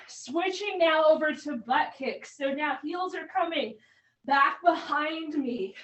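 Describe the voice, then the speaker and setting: A woman fitness coach calls out moves and counts down reps in a high, bright voice, slightly out of breath. She sounds set back from the microphone, as if moving around the room while she demonstrates. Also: slow pace, far from the mic, low-quality recording. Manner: upbeat cueing, counting down reps. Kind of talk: live online workout instruction.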